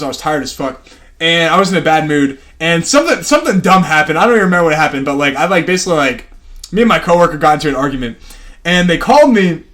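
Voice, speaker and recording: A man's voice: a little high, a bit bright. A young man co-hosting a casual podcast, telling a story in a rambling way with many fillers and swear words. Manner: rambling, lots of fillers and profanity, laughs while telling stories. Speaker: podcast co-host.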